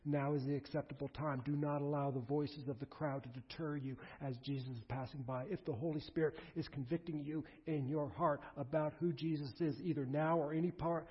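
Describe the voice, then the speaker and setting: Husky-voiced man preaching a sermon. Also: fairly high pitch, fairly even intonation, a little fast, few pauses, in a large hall. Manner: earnest, exhorting the congregation directly. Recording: dull lo-fi recording.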